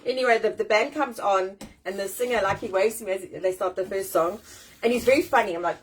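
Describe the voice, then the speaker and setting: A South African woman in her forties hosting a casual live-stream chat from home, animated, self-deprecating and swearing freely. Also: medium pitch, fairly quick, noisy background. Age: 40s. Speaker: host. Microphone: phone or webcam on a live stream.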